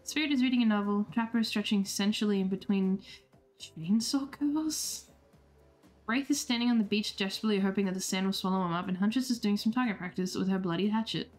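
A woman's voice: medium pitch, a little fast, darkish tone, soft background music. A woman streamer reading a dating game aloud, playful and giggly as she reacts to chat between the lines.

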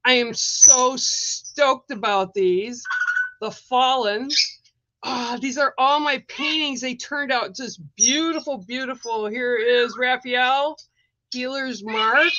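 A woman with a bright, high voice gushes through an unboxing vlog, squealing and whooping between words. The recording is dry and a little dull, with no room around it. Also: slow, no echo. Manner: gushing, repeats her excitement, squeals and whoops. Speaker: artist unboxing her oracle deck.

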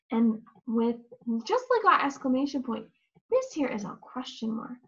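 A woman with a North American accent teaching English to young learners, with encouraging, drawn-out words and frequent praise. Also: high voice, very animated, dull audio. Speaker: ESL teacher.

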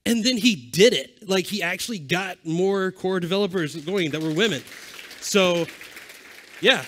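A man's voice: sits high, unhurried, a bit bright, slight background noise. A man co-presenting a conference keynote in a casual, joking way, acting out little quotes. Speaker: keynote co-speaker. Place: conference stage.

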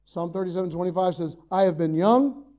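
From the pulpit, a male pastor from Ireland gives a fairly quick sermon in a high, mellow voice. Moments of loud emphasis alternate with hushed, heartfelt asides inside the church sanctuary.

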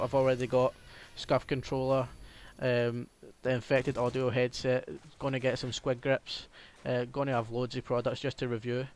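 Young scottish guy rambling over his game footage, lots of ums, pretty monotone, bit of hiss behind. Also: medium pitch. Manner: rambling and hesitant, many ums. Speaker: gaming commentator. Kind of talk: casual gameplay commentary.

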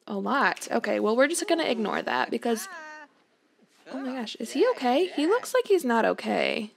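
This gameplay streamer's voice is on the high side, very animated, with vocal fry and a breathy edge at a moderate pace. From her home room she chats and laughs through a life-sim game, addressing her characters directly.

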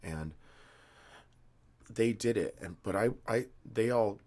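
A man's voice: fairly low pitch, takes it slowly, darkish tone. A man in his fifties, just woken up and a bit medicated, rambling through a story with many ums and slightly slurred words. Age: 50s. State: groggy and medicated, just woke up. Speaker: vlogger. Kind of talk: rambling casual monologue.

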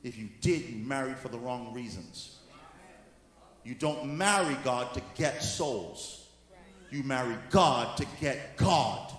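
A male apostle preaching a sermon, moving from soft teaching into shouted exhortation. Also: mid-range voice, expressive, slow. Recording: echoey hall with faint room noise.

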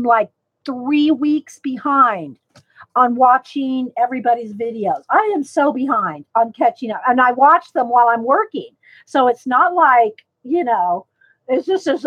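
A high-pitched woman with a drawl chats loosely through her livestream, wandering between tips and greetings to viewers by name. The sound is a little dull and lo-fi. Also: animated, a little slow. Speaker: livestream host. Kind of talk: casual livestream chat.

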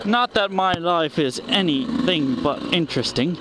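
A man chatting casually while he rides, goofy and self-mocking, in an unhurried way with a bouncy, lively pitch. He speaks into a helmet mic on a forest trail, and a loud motorcycle engine drones under his voice. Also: heavy background noise. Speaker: motorcycle vlogger. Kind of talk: casual riding vlog chat. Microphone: helmet intercom mic.

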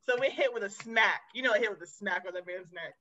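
Woman zookeeper guest, bright and expressive storyteller, slightly dull lo-fi audio. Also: medium pitch, fast talker. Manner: lively, expressive, addresses listeners as y'all. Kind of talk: animated storytelling.

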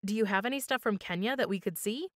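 A woman's voice: medium pitch, fast, no echo, clean studio sound, lightly acted. A woman voicing a bold, curious young girl who chatters eagerly in a storybook reading. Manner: eager, excitable.

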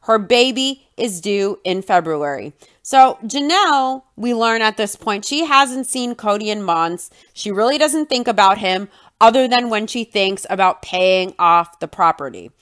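A woman's voice: medium pitch, lively intonation, a little slow, fairly bright tone. A woman hosting a podcast and recapping a reality show in a scornful, mocking way. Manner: scornful, mocks in a whiny put-on voice. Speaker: podcast host.

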